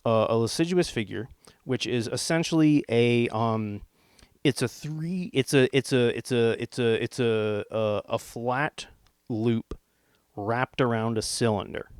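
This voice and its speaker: A man's voice: medium pitch, measured pace, clear, resonant tone, no echo. Casual guy demoing a synth. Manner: rambling and jokey, with swearing and silly put-on accents. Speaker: gear reviewer demonstrating a synth. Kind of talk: casual demo walkthrough. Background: synthesizer tones playing.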